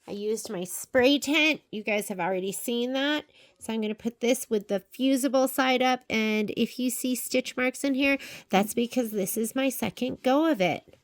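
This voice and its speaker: A woman's voice: fairly high pitch, normal speed. A woman chatting viewers through a sewing project step by step, talking to them directly while she works. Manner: chatty, talks straight to viewers while working. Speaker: sewing and embroidery instructor. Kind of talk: casual step-by-step craft tutorial. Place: sewing room at a sewing shop. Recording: faint machine noise behind.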